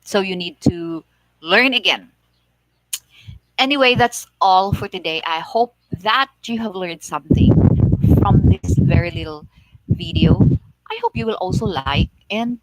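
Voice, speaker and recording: A Filipino woman vlogging casually, speaking slowly and expressively and acting out example phrases in a sing-song voice. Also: mid-range voice, lively intonation, low-quality recording. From Philippines. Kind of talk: casual explanatory vlog.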